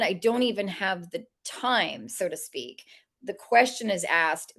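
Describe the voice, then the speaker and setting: A woman, an author and animal communicator, telling funny stories in a lively way, laughing often and acting out the voices of people she quotes. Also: lowish voice. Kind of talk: storytelling interview talk.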